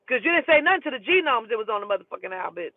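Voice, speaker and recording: A woman telling a heated, profane story in an emphatic, animated way. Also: fairly high pitch, racing. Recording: tinny phone-like sound.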